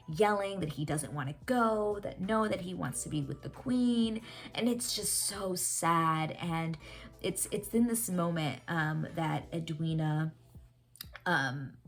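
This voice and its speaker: A young woman hosting a casual TV reaction vlog, rambling and animated with lots of fillers and casual swearing. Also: low-pitched. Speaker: reaction channel host.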